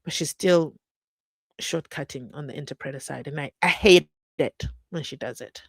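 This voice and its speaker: A woman hosting a true crime channel, chatting casually and reading out viewer comments, animated and teasing, laughing often. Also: low voice, normal speed, gravelly, no echo. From South Africa.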